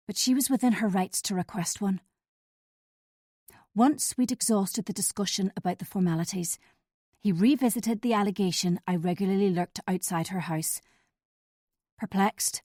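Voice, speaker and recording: A woman telling a first-person thriller audiobook in a measured, steady way, on a close mic. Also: mid-range voice, dry recording. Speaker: audiobook narrator.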